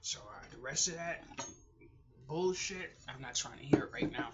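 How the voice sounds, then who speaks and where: A middle-aged woman keeping a personal video diary, talking to herself in a halting voice that often sinks to a whisper while she holds back tears. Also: rumbling low, expressive, muffled recording, heavy background noise. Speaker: vlogger.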